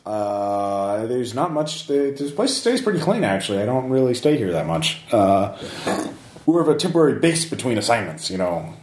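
A man voicing a nervous, stammering male businessman in a tabletop game, his voice flustered and jumping higher when he panics. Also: very animated, moderate pace, darkish tone, close to an everyday voice. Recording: echoey room, faint noise.

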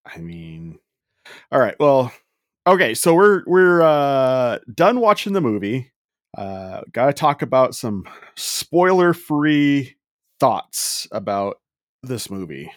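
A man co-hosting a casual movie podcast, relaxed and rambling as he steers the talk. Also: mid-range voice, slow, no echo, studio quality. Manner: relaxed, rambling, leads the discussion. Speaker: podcast co-host. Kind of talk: casual chat.

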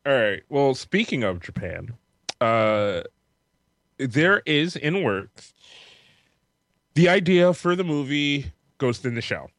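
A man co-hosting a casual podcast, telling stories in a relaxed way with many fillers. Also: mid-range voice, slow, pauses often, no echo. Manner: relaxed storyteller, hesitant with fillers. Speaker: podcast co-host. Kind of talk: casual chat.

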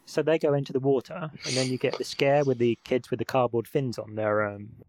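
A man's voice: medium pitch, flat delivery, fairly quick, a little mellow. A man co-hosting a podcast, talking in a laid-back, hesitant way with fillers. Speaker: podcast co-host. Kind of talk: casual film chat.

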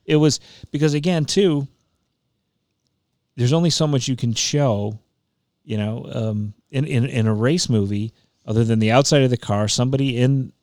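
A man's voice: mid-range voice, moderate pace, long pauses, a little mellow, dry recording, studio quality. A man co-hosting a podcast, giving emphatic, opinionated views on a movie in casual chat. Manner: opinionated, emphatic, frequent restarts. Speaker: podcast co-host.

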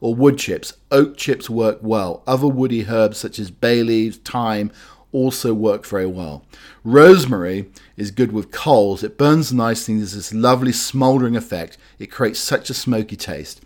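A man's voice: on the low side, moderate pace, darkish tone. A man hosting radio, chatting and reading news items in a rambling, hesitant way with many fillers. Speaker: radio host.

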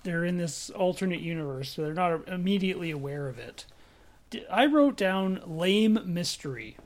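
Higher-voiced man, hesitant podcast chat. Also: lively intonation, normal speed. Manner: hesitant, many fillers. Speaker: podcast co-host. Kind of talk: casual chat.

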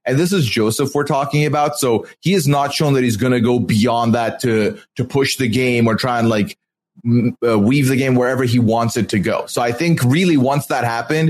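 A man co-hosting a podcast, giving measured, reasoned analysis of the game in casual chat. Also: mid-range voice, slight background noise. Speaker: podcast co-host.

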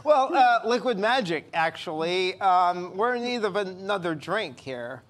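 A man co-hosting a live comedy show, playing along in a skit with playful, excitable energy. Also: high-pitched, measured pace. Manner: playful, excitable, laughing often. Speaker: co-host.

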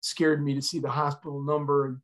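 A man's voice: a little high, little pitch movement, fairly quick, a bit bright. A middle-aged man, a retired fire chief, telling a personal story in an earnest, emotional way as a podcast guest.

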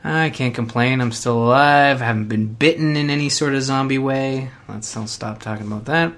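A man's voice: mid-range voice, moderate pace, fairly bright tone. A man hosting a podcast in a playful, jokey casual chat. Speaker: podcast host.

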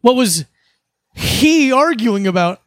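A man's voice: very high-pitched, expressive, fairly bright tone, no room sound. A man co-hosting a podcast, riffing jokes and laughing easily, close to the mic. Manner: joking, quick to laugh and riff. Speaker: podcast co-host. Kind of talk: casual chat.

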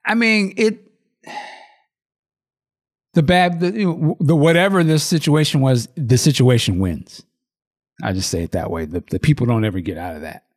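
On a casual podcast, a male co-host with a higher-pitched voice walks through a movie at a moderate pace, leaving long pauses. His retelling is animated and profane, full of acted-out quotes and laughs.

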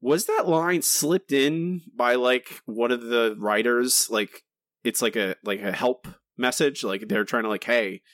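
A man's voice: medium pitch, measured pace, a bit bright, no echo, studio quality. A man co-hosting a podcast, ranting in exasperated casual chat with many restarts and asides. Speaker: podcast co-host.

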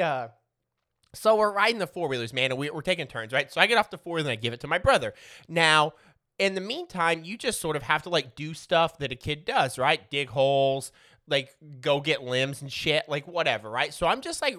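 Lively, bright-voiced man telling a story. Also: a little high. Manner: profane, rambling, laughs often. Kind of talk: casual comedic storytelling.

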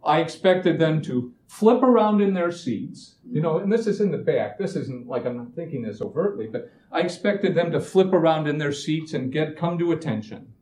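A man talking through everyday examples in a casual motivational talk, slipping into little impressions of what people say. His voice is mellow and a touch higher than most, and the room around him echoes with a faint rumble underneath. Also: moderate pace, hardly any pauses. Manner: animated storyteller, acts out quoted voices, often restarts phrases. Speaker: speaker giving a talk on expectations.

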